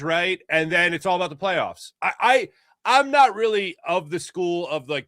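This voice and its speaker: A man's voice: high voice, animated, brisk, pushed and bright, dry recording, studio quality. A middle-aged man co-hosting a sports talk show, giving casual, emphatic and opinionated takes. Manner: emphatic, opinionated, speeds up when making a point.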